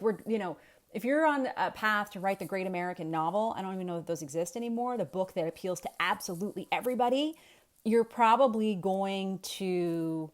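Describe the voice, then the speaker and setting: A woman's voice: medium pitch, a little mellow. A woman in her thirties, a storytelling coach, talking casually to a webcam from home and thinking aloud with restarts and rhetorical questions. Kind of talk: casual talk to camera. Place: home with kids in the next room.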